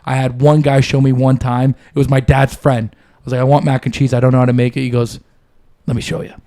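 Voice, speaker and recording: A young man in his twenties hosts a casual podcast. He talks in a loose, rambling way and swears freely as he tells stories, at an average pitch for a man. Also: level tone, quick pace, mellow. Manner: loose, profane, storytelling. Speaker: podcast host. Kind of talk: casual chat.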